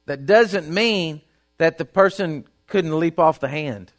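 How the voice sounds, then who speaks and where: A man's voice: on the high side, slow pace. A man preaching a sermon in an emphatic, folksy way, repeating his points and reading Bible verses aloud.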